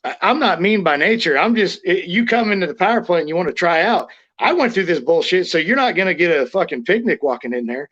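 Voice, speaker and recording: A man in a loose interview, talking bluntly and swearing constantly as he tells stories and acts out the heated lines. His voice sits high for a man. The audio comes through dull and lo-fi. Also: lively intonation, quick pace, few pauses, a bit bright. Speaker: interview guest, former wrestler. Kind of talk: casual storytelling, profane.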